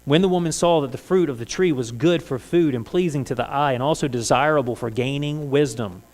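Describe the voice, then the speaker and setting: A man's voice: medium pitch, fairly quick, a little mellow. A man preaching a sermon in a church, talking conversationally and asking the congregation many rhetorical questions. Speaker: pastor.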